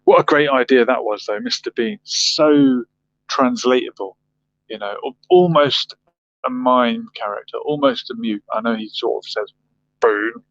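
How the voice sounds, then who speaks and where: A man's voice: medium pitch, moderate pace, fairly bright tone, no echo. A man hosting a livestream, chatting casually, reading viewer comments and musing aloud with rhetorical questions. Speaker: livestream host. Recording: dull lo-fi dry sound.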